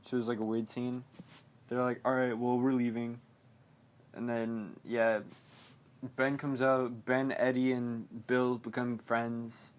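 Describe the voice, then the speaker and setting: A young man hosting a podcast, recapping a film in a rambling, casual way, full of fillers and quick mock quotes. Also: medium pitch, level tone. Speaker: podcast host.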